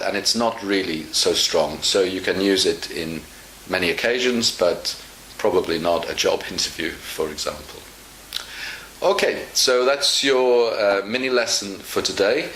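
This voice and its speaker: A man teaching English in a relaxed online lesson, explaining slowly and patiently with many fillers. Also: sits low. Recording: echoey room with faint hiss.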